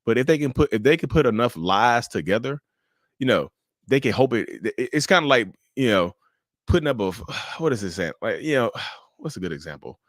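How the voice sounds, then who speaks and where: A man hosting a casual livestream, animated and joking, often stumbling and restarting as he answers viewers' questions. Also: mid-range voice, normal speed, no echo, studio quality. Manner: addresses viewers as y'all, answers chat questions. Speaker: livestream host.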